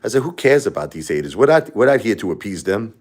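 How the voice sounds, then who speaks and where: Deep-voiced man rambling on a live stream. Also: very animated, fast talker, darkish tone. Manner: rambling, repetitive, combative toward critics. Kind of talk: casual live stream chat.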